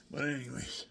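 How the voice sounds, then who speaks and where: A man in his sixties telling a rambling personal story, drifting between whispered asides and loud exclamations. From Pennsylvania, USA. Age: 60s.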